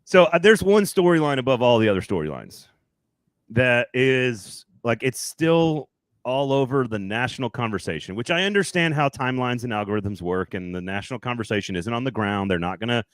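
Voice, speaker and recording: A man's voice: mid-range voice, expressive, fairly quick, dry recording. A man hosting a sports podcast, casual and rambling, often correcting himself mid-sentence. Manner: chatty, rambling, self-correcting. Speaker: podcast host.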